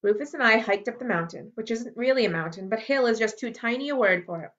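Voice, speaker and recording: A woman reading a children's novel aloud for a library, lively storytelling with character voices, on a dull lo-fi recording. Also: on the high side, fast. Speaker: library read-aloud host.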